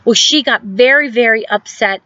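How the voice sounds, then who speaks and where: A woman in her fifties, a school guidance counselor giving a recorded lesson to students, telling a story gently with many ums and reflective questions. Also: fairly high pitch, normal speed, no echo, lo-fi sound. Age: 50s.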